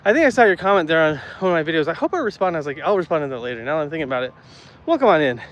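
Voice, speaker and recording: A man's voice: a little high, sing-song, racing, fairly bright tone, highs cut off. A man chatting casually with live viewers while walking outdoors, a little out of breath, rambling and getting worked up. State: slightly out of breath from walking uphill. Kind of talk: casual live walk-and-talk. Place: outdoors on city streets. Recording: faint street noise outdoors.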